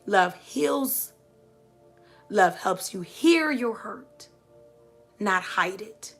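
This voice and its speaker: A woman's voice: mid-range voice, lively intonation, very slow, gravelly, fairly bright tone, faint music behind. A middle-aged woman giving a heartfelt motivational talk to live viewers, with emphatic, preacher-like repetition. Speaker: motivational speaker.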